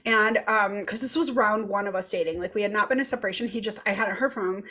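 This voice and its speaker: A woman in her thirties telling a candid, animated story in casual chat, swearing freely and acting out what people said. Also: medium pitch, fast. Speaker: podcast co-host.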